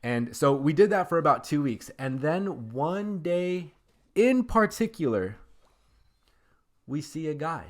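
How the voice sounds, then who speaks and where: A man's voice: on the high side, takes it slowly. A man telling a funny personal story in a casual, rambling way, full of fillers, over game footage. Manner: rambling, filler-heavy, animated. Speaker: gaming YouTuber.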